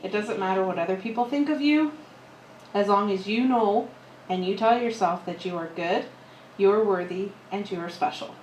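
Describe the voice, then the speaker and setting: A woman's voice: medium pitch, normal speed, a little mellow. Female speaker, earnest and affirming, echoey hall with faint hiss. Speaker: speaker's partner addressing the audience. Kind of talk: short motivational address. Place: seminar room before a live audience. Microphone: handed microphone.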